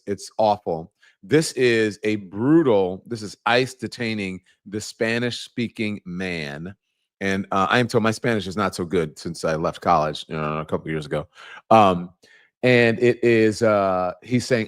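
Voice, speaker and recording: A man's voice: fairly low pitch, no echo, clean studio sound. A man hosting a live commentary stream, talking in a rambling, conversational way and growing indignant about the news. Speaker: host. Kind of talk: livestream commentary.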